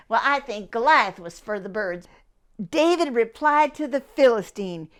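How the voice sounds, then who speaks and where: An older woman, telling a Bible story for children in a homespun, animated way. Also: a little high, a little slow. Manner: homespun, animated, acts out the characters.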